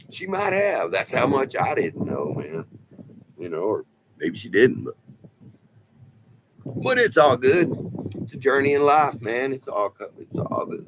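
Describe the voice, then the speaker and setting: A man's voice: mid-range voice, noisy background. A middle-aged man, talking in a loose, profane, rambling way as he tells stories, calling people "man" again and again. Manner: loose and profane, drawn-out storytelling with lots of "man". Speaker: vlogger. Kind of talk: casual rambling chat.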